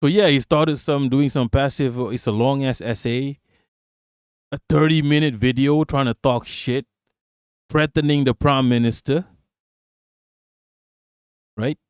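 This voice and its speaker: A man's voice: mid-range voice, measured pace, long pauses, smooth, no room sound, clean studio sound. A man from Southeast Asia giving a heated, profane, mocking political rant on a live stream. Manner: profane, mocking, animated ranting with laughs.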